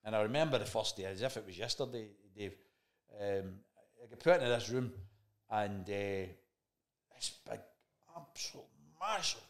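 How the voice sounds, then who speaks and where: A man's voice: lowish voice, vocal fry. A man with a Scottish accent, a chat show guest telling a story in casual conversation, swearing freely and acting out the dialogue he remembers.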